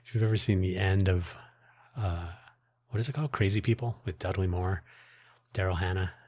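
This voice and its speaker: A man's voice: low voice, fairly even intonation, brisk, a little mellow, breathy edge, no room sound. A man hosting his own podcast, talking in a rambling, wry way with frequent restarts and asides. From United States. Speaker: podcast host. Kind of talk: casual solo monologue.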